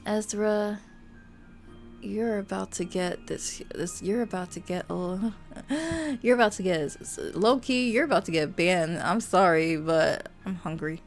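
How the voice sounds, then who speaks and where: A woman streamer reading a romance game aloud, animated and playful, often breaking off to joke with her viewers. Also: medium pitch, takes it slowly, faint music behind. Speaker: VTuber streamer.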